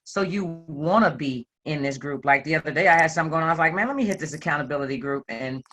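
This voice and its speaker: A self-employed woman telling a group her personal story with animated, playful delivery and acted-out quotes. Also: low voice, fast talker. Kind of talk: candid personal testimony to a group.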